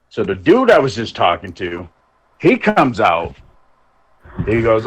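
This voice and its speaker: A man's voice: fairly low pitch, huge pitch swings, unhurried, long pauses, slight background noise, low-quality recording. A man co-hosting a podcast, telling rambling anecdotes in casual chat, swearing heavily and acting out what people said. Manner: rambling anecdotes, heavy swearing, acts out quotes. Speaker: podcast co-host.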